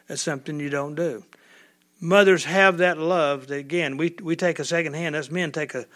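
A man's voice: a little high, fairly bright tone. A middle-aged man from Texas, a lawyer, giving a folksy, rambling devotional talk with many restarts.

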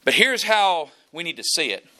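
A man preaching a sermon, earnest and repetitive, building to loud emphasis. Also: a little high, very animated, moderate pace. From South Mississippi, US. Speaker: pastor.

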